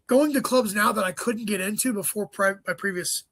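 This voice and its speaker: A man with a high, bright voice talks as a comedian guest in a casual interview, tossing off profane stories and asides. The sound is dry and close, with almost no room around him. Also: no room sound. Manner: profane, rapid storytelling with joking asides.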